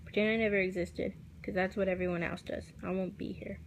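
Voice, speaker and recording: A woman telling a personal story to camera, recounting quoted text messages in a soft, halting voice that drops at times to near a whisper. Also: mid-range voice, level tone, slight background noise. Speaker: vlogger.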